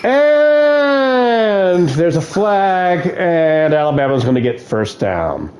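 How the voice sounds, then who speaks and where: A man playing a football video game and commentating his plays, given to shouting at the game. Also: sits high, big pitch swings, slow pace, reverberant, a little hiss or hum. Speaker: gaming video host.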